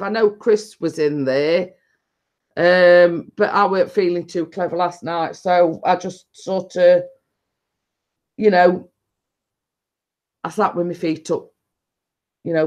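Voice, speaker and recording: A woman's voice: lowish voice, unhurried, long pauses. A woman with a northern English accent chatting casually on a live stream, rambling and laughing often.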